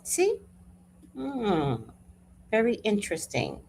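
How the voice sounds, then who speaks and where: Older female host, casual chat, slow drawl, extremely lively pitch, animated and profane. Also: gravelly, slightly rough. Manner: animated, laughing, salty-tongued storyteller. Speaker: livestream host.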